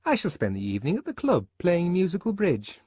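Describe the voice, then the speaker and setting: Guy doing a high shrill gossipy gal, nagging and mocking, kinda husky. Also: wildly swooping pitch, fairly quick, a little mellow, no room sound, heavily acted. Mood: scolding. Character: gossipy scolding young woman friend.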